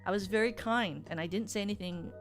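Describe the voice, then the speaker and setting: A woman's voice: medium pitch, quick pace, soft background music. A woman streamer chatting casually to her viewers in a rambling way, with many filler words.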